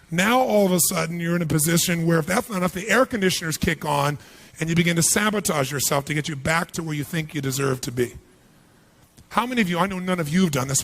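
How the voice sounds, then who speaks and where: A man giving a live motivational seminar, energetic and punchy, constantly quizzing the audience with questions. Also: on the high side, creaky. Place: large seminar hall with thousands present.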